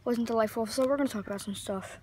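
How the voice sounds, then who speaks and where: A woman's voice: a little high, fast talker, a little mellow, slight background noise. A woman chatting casually for a vlog outdoors on a trampoline, rambling with lots of fillers. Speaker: vlogger.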